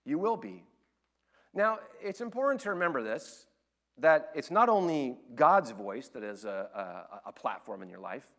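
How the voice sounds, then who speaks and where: A man preaching a sermon as pastor, swinging between loud, excited storytelling and quiet, earnest appeals. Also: fairly high pitch, moderate pace.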